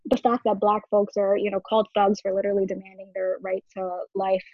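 A woman in casual conversation, speaking earnestly, laughing often and trailing off softly. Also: mid-range voice, flat delivery, fairly quick, dry recording. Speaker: writer and guest. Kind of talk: casual chat. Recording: dry, dull lo-fi sound.

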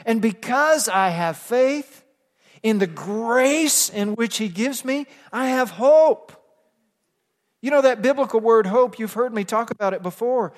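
A male pastor with a high voice delivers a sermon in a church sanctuary, and his words ring out with a long hall reverb. He talks conversationally, dropping to soft asides and then building to emphatic, rising passages. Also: a little slow.

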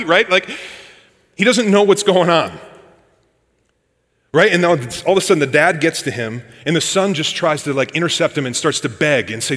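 A man's voice: fairly high pitch, a little fast, a bit bright, in a large hall. A man preaching a sermon, reading scripture and retelling it in a casual, conversational storytelling manner. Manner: conversational storytelling, addresses listeners as "guys".

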